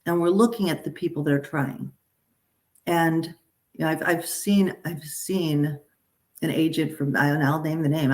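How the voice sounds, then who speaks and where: A middle-aged woman, a talent agent, talking casually and animatedly to a group. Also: low-pitched. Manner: animated, chatty, frequent restarts and asides. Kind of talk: casual live talk to a group.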